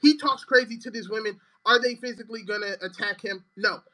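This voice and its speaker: A man in a live audio chat who argues back insistently with quick rebuttals. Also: high-pitched, pushed and bright. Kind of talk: rapid argumentative back-and-forth.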